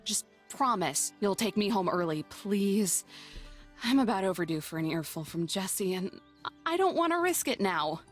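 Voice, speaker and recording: A man voicing a dry, tired young woman park ranger in a visual novel read-aloud, with a flat, level-headed way of talking. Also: sits high, moderate pace, faint music behind, pitched above the performer's own voice. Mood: wry.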